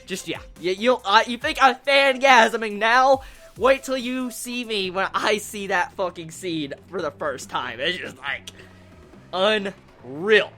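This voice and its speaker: A woman reviewing an anime episode with gushing excitement, swearing often and bursting into shouts. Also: medium pitch, takes it slowly, faint music behind.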